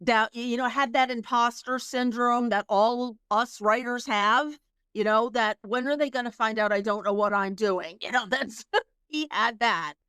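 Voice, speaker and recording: Chatty woman co-host with a smooth voice. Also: fairly high pitch, normal speed, fairly bright tone, no room sound, studio quality. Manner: chatty storyteller, laughs, many restarts and fillers. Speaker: podcast co-host. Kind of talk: casual chat.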